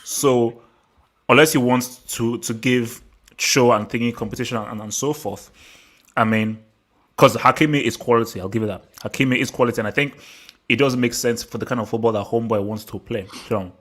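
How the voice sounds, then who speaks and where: A man's voice: medium pitch, fairly even intonation, brisk, a bit bright. A man hosting a casual football chat on a video call, often stumbling over repeated words. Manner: repeats words, stammering restarts. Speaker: host.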